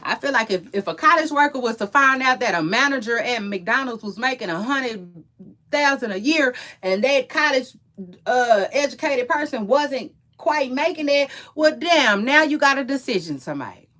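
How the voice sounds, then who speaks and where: A young woman with a bright, forceful voice chats straight to her viewers. She speaks AAVE and swings her pitch a lot, offering strong opinions in a loose, rambling way, restarting and repeating words as she goes. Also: animated, normal speed. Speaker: gossip and entertainment commentator. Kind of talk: casual chat to viewers.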